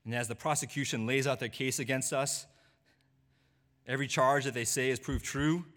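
A male preacher delivering a sermon at a mid-range pitch. He sinks to a hushed, low murmur for solemn points. He climbs higher and louder, almost pleading, when he speaks the words of a guilty sinner. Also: steady tone, moderate pace. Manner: swings from hushed low delivery to raised, pleading voice in quoted lines.

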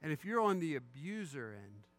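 A man's voice: on the high side, sing-song, normal speed. A middle-aged man preaching as a pastor, conversational and candid, with wry asides about his own failings. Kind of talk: sermon.

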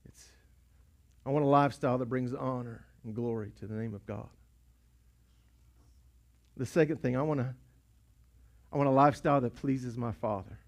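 A male pastor, preaching a sermon in a church sanctuary, building from hushed asides to shouted repeated lines. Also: medium pitch, moderate pace, pauses often. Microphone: pulpit mic.

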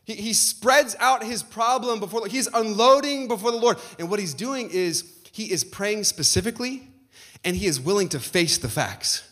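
A man's voice: high-pitched, expressive, moderate pace, a bit bright. Passionate middle-aged male pastor preaching. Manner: emphatic, rising to passionate. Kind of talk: sermon.

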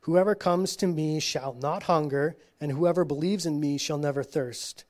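A man reading scripture slowly at a church teaching, breaking off for casual asides and frequent checks like "okay?". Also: a little high, darkish tone. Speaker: Bible study teacher.

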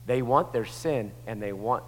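A man preaching a sermon, moving from hushed, intimate lines to passionate shouting. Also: mid-range voice, moderate pace, slight background noise. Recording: long hall reverb.

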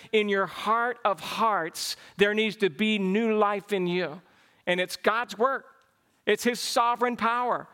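Male pastor with a high voice for his sex, preaching with fervent build-ups and closing in prayer. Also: clean tone. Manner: fervent preaching, climbing to excited exclamations. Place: church service.

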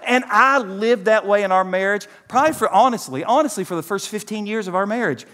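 A man's voice: sits high, fairly quick, few pauses, a bit bright, big-room sound. A man, preaching a sermon and speaking directly to his congregation. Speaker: pastor.

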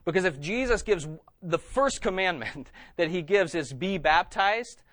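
Male pastor, conversational sermon delivery, slightly high voice, dry recording. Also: expressive, unhurried, a bit bright, dry recording. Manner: conversational preaching, frequent "okay?" check-ins.

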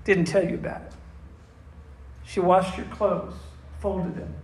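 Pastor, male, higher voice with some gravel, chatty and questioning, big echoey room. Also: steady tone, unhurried, a little mellow. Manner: conversational, questioning the audience, repeats himself. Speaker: pastor teaching a church class. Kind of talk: interactive sermon. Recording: roomy echo with faint room noise.

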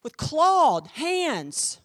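A woman pastor teaching a class, telling a story in an animated, emphatic, chatty way full of fillers. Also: high voice, extremely slow, dry recording, studio quality.

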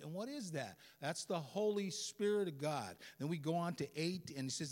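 Animated man preaching in a reverberant church. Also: high voice, brisk, few pauses. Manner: animated, conversational preaching with asides to the congregation. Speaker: guest pastor. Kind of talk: sermon. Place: church sanctuary. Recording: long reverb of a church hall.

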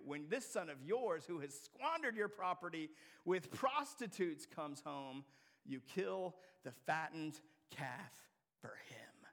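A young man with a high, gravelly voice delivers a sermon. He swings between quiet, hushed lines and loud, emphatic climbs as he preaches. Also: expressive, takes it slowly. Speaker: pastor.

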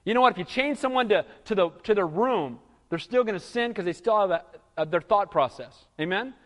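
Man, pastor, emphatic sermon, high voice, reverberant hall. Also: animated, fairly quick, a bit bright. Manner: emphatic preaching, frequent "you know" and "Amen?".

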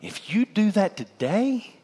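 High-voiced emphatic man preaching. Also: lively intonation, measured pace, big-room sound. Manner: emphatic preacher, shouting key words and mimicking people's voices. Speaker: pastor. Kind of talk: sermon. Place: church sanctuary.

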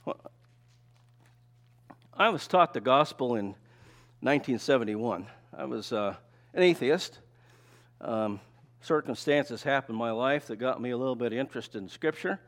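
A man's voice: medium pitch, lively intonation, normal speed, pauses often. An older man preaches in an easy, folksy way. He talks with the congregation rather than at them, often checking in with a rhetorical question. Now and then he drops in a personal story. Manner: conversational, asks rhetorical questions; folksy, tells personal stories. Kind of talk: sermon with slides.

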